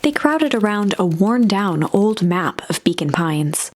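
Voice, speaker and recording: A woman's voice: mid-range voice, big pitch swings, unhurried, background noise. Female narrator reading game story text, storybook delivery.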